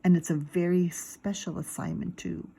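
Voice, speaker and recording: Gentle coaxing grade-school teacher guy, read by a woman, soft and husky. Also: lowish voice, steady tone, normal speed. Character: friendly cheerful male grade-school teacher.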